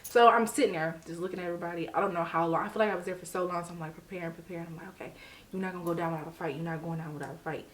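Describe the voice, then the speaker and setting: A young woman from Detroit telling a story on her vlog in a casual, slangy, animated way, laughing as she goes. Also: fairly low pitch, very fast, a little hiss or hum. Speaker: storyteller vlogger.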